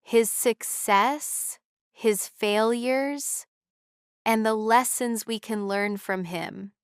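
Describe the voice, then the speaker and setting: A woman co-hosting an English-learning podcast, speaking slowly and carefully in a scripted dialogue. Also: a little high, no room sound, studio quality. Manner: slow, clear, carefully enunciated. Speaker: podcast co-host.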